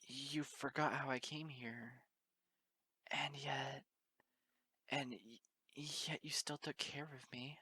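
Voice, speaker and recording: A man's voice: medium pitch, fairly even intonation, takes it slowly, bright, forceful tone, slightly rough, no echo, pitched above the performer's own voice, exaggerated voice. A man voicing a tearful trembling young mare pony. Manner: trembling, whimpering, stammering. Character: grieving young female unicorn pony, tearful.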